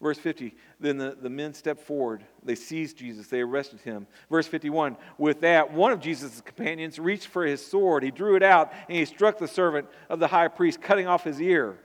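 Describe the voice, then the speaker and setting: Earnestly preaching a sermon, a man repeats words frequently and builds toward emphatic peaks. He speaks in a fairly high pitch at a moderate pace, hardly pausing. A long hall reverb colors the recording.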